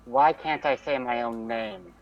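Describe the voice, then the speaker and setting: A man's voice: medium pitch, measured pace. A man playing a tabletop game in character, hesitant and unsure. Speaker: player. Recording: dull lo-fi mic.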